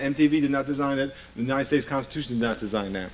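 A man's voice: medium pitch, racing, hardly any pauses, low-quality recording. A man preaching a sermon emphatically, often asking the congregation rhetorical questions.

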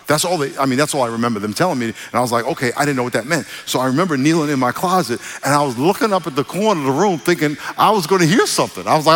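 A man preaching a sermon, reading scripture and then telling personal stories in a conversational, animated way. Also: on the high side, quick pace, few pauses, in a large hall. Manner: conversational, animated storytelling with asides.

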